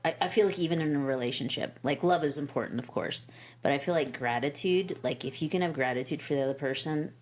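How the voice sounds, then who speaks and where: A woman's voice: sits low, quick pace, darkish tone, a little hiss or hum. A woman from Brazil co-hosting a podcast in casual, rambling chat. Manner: chatty, rambling, frequent "like" fillers. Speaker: podcast co-host.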